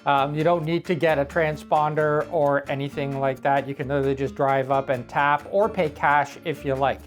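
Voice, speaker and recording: Relaxed man explaining travel tips. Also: fairly high pitch, moderate pace, soft background music. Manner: relaxed, explanatory, a bit rambling. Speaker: travel vlogger co-host. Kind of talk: casual travel tips chat.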